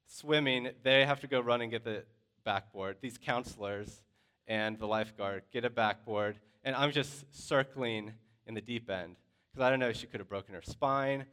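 Guy with a smooth clear voice telling a story to his class, loose and chatty. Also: medium pitch, moderate pace. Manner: lively storyteller, loose and conversational with many fillers. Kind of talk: personal story told to a class.

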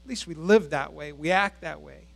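A man's voice: fairly high pitch, moderate pace, gravelly. A male pastor preaching a sermon at a church service in a conversational way, asking the congregation questions.

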